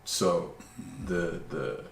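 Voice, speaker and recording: A man telling stories in a relaxed, calm way during a casual podcast chat. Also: sits low, very slow, creaky, echoey room. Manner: calm, laid-back storytelling.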